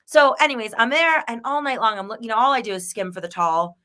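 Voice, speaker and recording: Bright-voiced woman telling candid stories. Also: fairly high pitch, quick pace. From Denver area. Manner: candid, animated storytelling with laughs. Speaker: podcast co-host. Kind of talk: casual chat.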